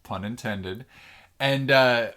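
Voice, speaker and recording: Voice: mid-range voice, slow pace, bright, forceful tone. A podcast co-host in casual chat, hesitant, with many restarts and the odd silly voice.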